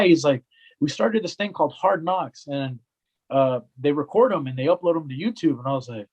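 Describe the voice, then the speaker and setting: The recording cuts off the highs as this young wrestling commentator, voice a little high and fairly quick, tells a story on a casual podcast. Animated throughout, he imitates the people he quotes and keeps dropping "right?" and "man."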